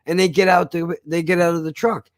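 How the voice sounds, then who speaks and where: A man recounting a TV show in a casual, profane, animated rant. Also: fairly high pitch, brisk. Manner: swears constantly, animated storytelling. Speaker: show reviewer.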